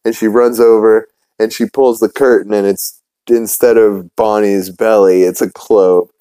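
A man's voice: on the low side, flat delivery, measured pace, dark tone, clear, resonant tone, no echo, low-quality recording. A man hosting a podcast who recaps an episode in a casual, rambling way, swearing freely. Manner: rambling, profane, full of fillers and restarts. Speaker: podcast host.

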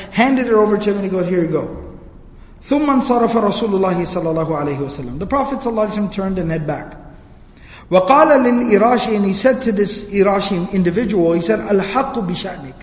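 High-voiced male lecturer in an echoing hall. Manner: storytelling, casual asides. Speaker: teacher. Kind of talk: religious history lecture. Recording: echoey hall.

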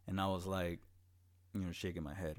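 A man's voice: deep voice, level tone, fairly quick. A young man telling a long personal story in casual chat, rambling, with heavy swearing and many restarts.

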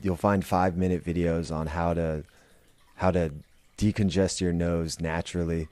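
A man's voice: low voice, fairly even intonation, moderate pace, mellow, no room sound. A man hosting a podcast, talking in a blunt, profane, rambling monologue full of restarts. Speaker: podcast host. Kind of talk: casual monologue.

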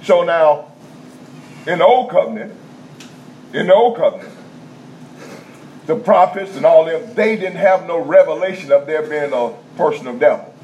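A man preaching a teaching sermon in a conversational style, checking in with the congregation and repeating key points slowly in vernacular speech. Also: fairly high pitch, expressive, dark tone. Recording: dull lo-fi sound with faint background noise.

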